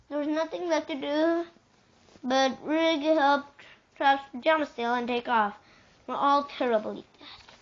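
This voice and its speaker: High-pitched woman reading a kids' book aloud, lively, kinda muffled recording. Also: a little slow. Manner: lively, shouts the dialogue, drops soft for calm narration.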